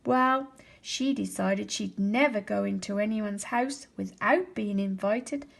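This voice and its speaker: A woman teacher reading a children's storybook aloud, expressive and slowing down for emphasis. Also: medium pitch, creaky.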